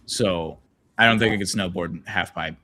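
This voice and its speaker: Man, podcast host, low voice, loose rambling watch-along chat. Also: moderate pace, bright, forceful tone, a little hiss or hum. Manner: rambling, reads viewer chat aloud.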